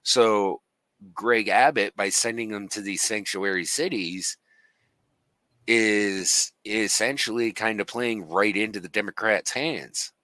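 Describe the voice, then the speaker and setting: A man hosting a casual reaction chat, animated as he lays out his arguments. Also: lowish voice, slow, dry recording. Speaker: host.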